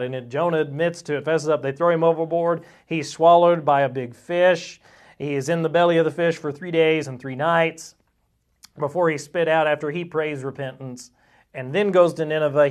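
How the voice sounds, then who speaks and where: A man teaches a Sunday school class in a conversational, folksy way. He gets animated, pushing his voice up high when he acts out what people in the story say. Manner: animated, acts out quotes with a rising voice. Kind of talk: Bible lesson.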